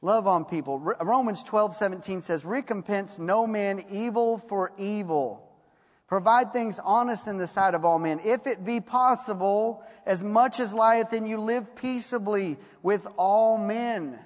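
Preacher, male, high voice, folksy storyteller, slow on scripture; hall reverb. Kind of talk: sermon.

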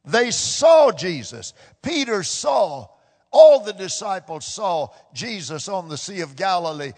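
A high-pitched man preaches at an unhurried pace from the pulpit of a church. His voice rises into loud, shouted peaks and falls back again. The sound carries a long reverb from the large hall around him. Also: big pitch swings. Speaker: pastor. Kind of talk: sermon. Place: church sanctuary.

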